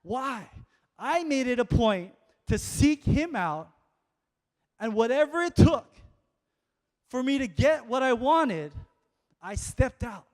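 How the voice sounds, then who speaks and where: High-pitched preacher, slow sermon pace, reverberant church hall. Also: male voice, lively intonation. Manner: calls to the congregation, loud rising exhortation. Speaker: pastor.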